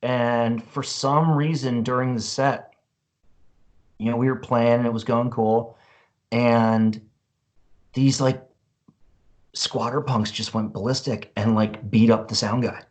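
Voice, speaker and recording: A man's voice: mid-range voice, steady tone, slow pace, pauses often. A man in his forties, a guest musician, telling a story in a casual, profane way full of "like" and "you know.".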